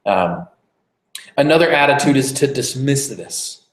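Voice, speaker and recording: Male pastor, conversational sermon, frequent ums and restarts, mid pitch, roomy echo. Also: animated, measured pace. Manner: informal, frequent fillers and restarts. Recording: roomy, echoey church room.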